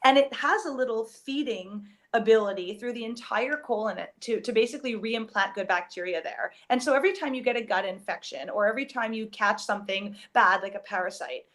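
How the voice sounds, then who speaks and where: A woman's voice: on the high side, fairly quick, hardly any pauses, a bit bright. Canadian woman explaining gut health. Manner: explanatory, enthusiastic about health topics. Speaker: guest. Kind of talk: casual podcast chat.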